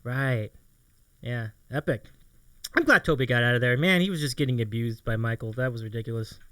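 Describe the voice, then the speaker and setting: A man's voice: mid-range voice, a little fast, fairly bright tone, smooth, no echo. A man hosting a casual interview chat, upbeat and self-mocking, laughing often. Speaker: talk show host.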